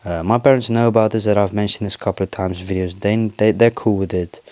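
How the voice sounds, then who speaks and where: Low-voiced young man, swearing podcaster. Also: steady tone, darkish tone, no echo. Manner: rambling, heavy swearing, halting restarts; confessional, emotional. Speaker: podcast host. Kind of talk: casual personal monologue.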